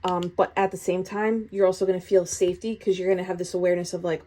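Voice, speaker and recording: A woman giving a casual tarot reading, chatty and expressive, with frequent laughs and swearing. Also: lowish voice, quick pace, hardly any pauses. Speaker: tarot reader.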